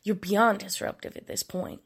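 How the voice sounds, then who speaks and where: Woman, mid pitch, stern and exasperated group leader in a comedy sketch. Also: fairly even intonation, moderate pace, fairly bright tone, husky.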